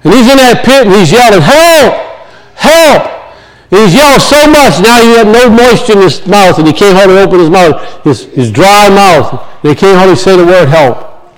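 A man preaching with a high, lively voice that swings widely in pitch. He tells stories in a folksy, plain-spoken way, building his points through repetition. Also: brisk, low-quality recording. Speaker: pastor. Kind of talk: sermon.

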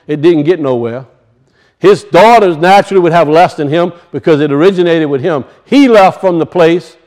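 Cajun male preacher, high voice, folksy and emphatic, quizzes his flock. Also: darkish tone. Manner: emphatic, questions the congregation, folksy dialect grammar. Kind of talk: sermon.

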